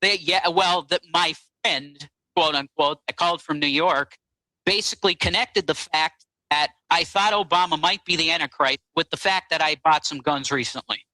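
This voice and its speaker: A man guest on a talk show, recounting events in a halting, rambling way with many fillers. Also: fairly high pitch, sharp tone, no echo, poor audio. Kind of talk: casual phone-in interview.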